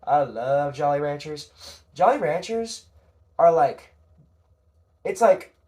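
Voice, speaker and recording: A man's voice: on the high side, expressive, slow, darkish tone. A young man talking casually on his own, rambling and hesitant, with frequent fillers and casual swearing. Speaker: podcast narrator. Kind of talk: casual solo commentary.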